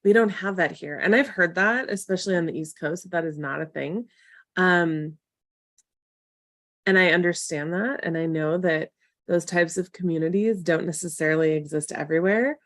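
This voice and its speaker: A woman's voice: on the low side, normal speed, fairly bright tone, no echo. A woman coaching viewers in a casual live stream, chatty and encouraging with tough-love asides. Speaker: marketing coach hosting a live Q&A.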